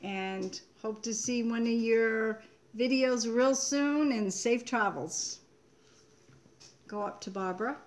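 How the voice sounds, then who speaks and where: A woman's voice: fairly high pitch, takes it slowly. An older woman from Maine hosting a casual live-stream chat, reading viewers' comments aloud in a chatty way. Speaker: homestead channel host.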